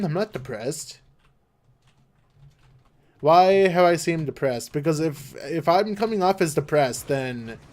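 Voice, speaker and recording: A young man streaming a game live, chatting casually in a flat monotone with lots of fillers and restarts. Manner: flat monotone, low-energy delivery; rambling with many fillers and restarts. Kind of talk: casual live-stream chat while gaming.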